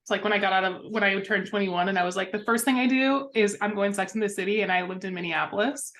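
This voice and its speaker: A woman's voice: mid-range voice, fast, fairly bright tone. Playful woman podcast co-host. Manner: storytelling, playful, jumps into quoted voices. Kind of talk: casual chat.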